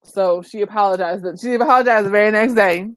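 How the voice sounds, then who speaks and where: Brief: woman vlogger, animated and emphatic, slangy commentary, dry close sound. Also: medium pitch, a little fast, no room sound. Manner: colloquial, says "child" and "girl" often. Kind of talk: opinionated commentary vlog.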